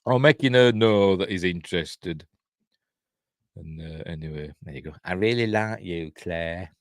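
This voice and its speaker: A man's voice: deep voice, a little slow, dry recording, clean studio sound. A middle-aged man with a Yorkshire accent recapping a horror film in a rambling, casual way, chuckling and briefly acting out characters' lines. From Yorkshire, England. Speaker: film reviewer.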